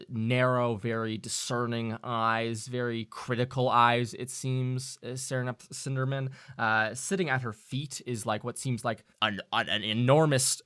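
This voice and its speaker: Gm guy narrating a tabletop game, lots of uhs and likes, bright dry voice. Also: medium pitch, steady tone, clean tone, no echo. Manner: halting, filler-heavy narration. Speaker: game master.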